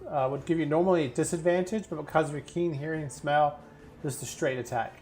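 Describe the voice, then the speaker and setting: This is a game master narrating a tabletop fantasy session over a stream. The telling is lively and often breaks into laughter mid-description. Faint music plays in the background. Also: medium pitch, quick pace. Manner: laughs through vivid descriptions. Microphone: headset or desk mic in an online stream.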